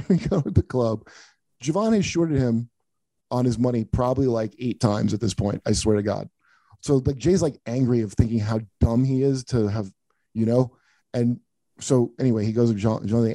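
A man's voice: medium pitch, normal speed, mellow, no room sound. A middle-aged man, a comedian hosting a podcast, telling profane, rambling anecdotes full of restarts in casual chat.

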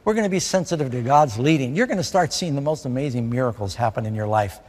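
A man's voice: medium pitch, lively intonation, fast, darkish tone, big-room sound. A man from New York City preaching a conversational sermon, often putting questions to his listeners.

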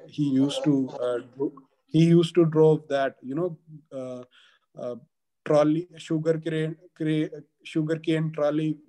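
A man from Punjab, a guest in an interview, talking haltingly with many fillers and restarts. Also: mid-range voice, a little mellow. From Punjab, India. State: getting emotional. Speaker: guest, advocate. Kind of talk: emotional interview conversation.

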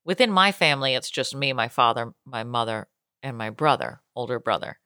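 A woman co-hosting a podcast in casual, joking chat, playful and quick with a gag. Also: rumbling low, bright, forceful tone, no room sound, studio quality. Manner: joking, playful, bursts into a fast auctioneer voice. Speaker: podcast co-host.

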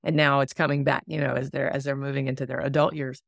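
A woman with a notably low voice hosts a relaxed interview and reacts warmly to her guest. Her questions come in an easy, conversational way, and her voice sounds close and dry, as on a video call. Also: fast, creaky, dry recording. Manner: attentive, affirming listener, relaxed conversational questions. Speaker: podcast host. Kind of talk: casual interview chat.

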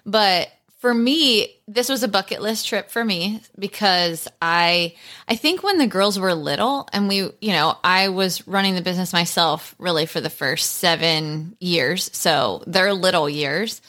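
Upbeat woman in her 30s hosting a podcast, bright clear voice, chatty and light. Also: lowish voice, moderate pace. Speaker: podcast host. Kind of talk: casual podcast chat.

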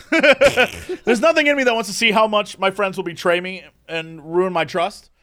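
A man's voice: high voice, unhurried, sharp tone, no room sound, studio quality. A young man who streams and makes videos, chatting animatedly, rambling and laughing a lot. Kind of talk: casual chat.

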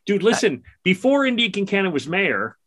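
A man's voice: high voice, moderate pace. A middle-aged man co-hosting a podcast, chatting casually and telling joking stories. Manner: joking storyteller, animated asides. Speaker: podcast co-host. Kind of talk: casual chat.

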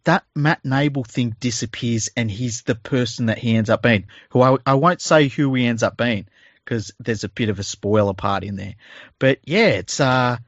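A man's voice: medium pitch, moderate pace, no echo. Australian man, podcast co-host, casual banter, laughing and swearing, dull sound.

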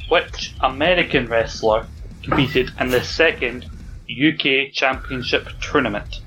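A man hosts a casual podcast quiz. He reads each question out slowly and clearly, then drifts into quick banter with the panel. Background music plays clearly behind his voice. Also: mid-range voice, rough recording. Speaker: quiz host.

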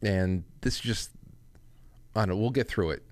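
A man's voice: fairly low pitch, moderate pace. A man hosting his own show, talking in a rambling, joking, self-deprecating way. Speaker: host. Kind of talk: casual monologue.

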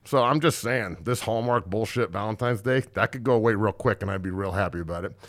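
A man in his thirties with a fairly low voice rants on his podcast, blunt and profane, and loudly acts out the people he quotes. He is recorded close on a studio mic, with a dry sound and no room echo. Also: fairly quick. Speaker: podcast host and strength coach. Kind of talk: casual storytelling rant.

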